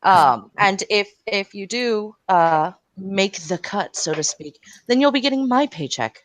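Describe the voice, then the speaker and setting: A woman's voice: medium pitch, animated, a little slow, no room sound. A woman joining a comedy stream, reading hesitantly from a pretend script. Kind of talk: improvised comedy banter.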